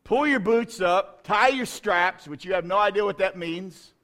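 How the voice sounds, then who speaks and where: A middle-aged male pastor telling a self-deprecating story in a sermon, dropping to quiet asides and rising to shouts. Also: sits high, measured pace. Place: church.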